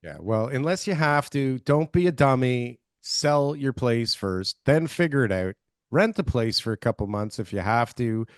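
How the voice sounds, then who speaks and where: A man's voice: medium pitch, expressive, moderate pace, clean tone, no echo, studio quality. Blunt, joking male co-host. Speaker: podcast co-host. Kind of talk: casual chat.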